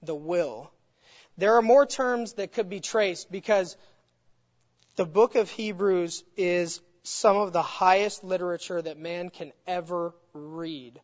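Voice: medium pitch, slow pace. An adult Bible teacher giving an expository lesson, stressing key words and building each point through repetition. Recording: echoey hall, dull lo-fi sound.

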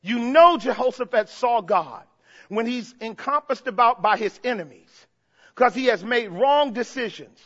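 A man preaching a sermon with passion, moving from hushed low passages to loud shouted cries. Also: lively intonation, unhurried, big-room sound, lo-fi sound. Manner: impassioned, swings from hushed to shouting.

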